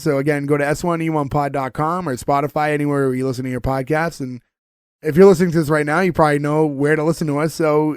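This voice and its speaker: A man's voice: on the high side, clean tone, no echo, studio quality. A man hosting a podcast, recapping a sitcom episode in a casual, rambling way with many fillers. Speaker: podcast host.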